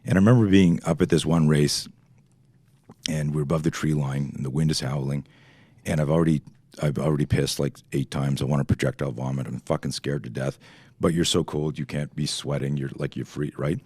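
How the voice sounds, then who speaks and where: A middle-aged man from Canada, a self-defense instructor telling stories as a podcast guest, animated and swearing freely while acting out quoted dialogue. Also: extremely low pitch, brisk, breathy edge, dry recording. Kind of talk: podcast interview storytelling.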